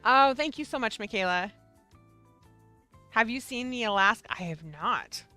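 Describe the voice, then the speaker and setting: Bubbly, high-pitched woman streamer. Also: measured pace, faint music behind. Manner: bubbly, excitable, chatty with viewers. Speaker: livestream host of a yarn shop show. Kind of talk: casual livestream chat.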